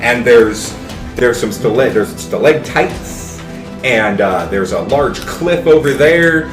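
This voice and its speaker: A man narrating a tabletop game as game master in a profane, animated storytelling manner, in an echoey room with background music. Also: medium pitch, slow pace.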